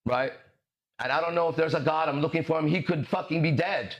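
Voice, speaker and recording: A man hosting a podcast as a mindset coach, delivering a swaggering, profane, preachy monologue with dramatic pauses. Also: on the high side, animated.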